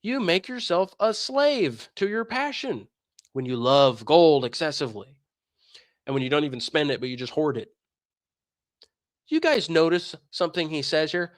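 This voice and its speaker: A man delivers heated religious commentary and hammers his points home with pointed rhetorical questions. His fairly high voice swings up and down constantly. The sound is dry and close, with no room echo. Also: sing-song, normal speed. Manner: combative, emphatic, fires rhetorical questions. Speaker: streamer and commentator.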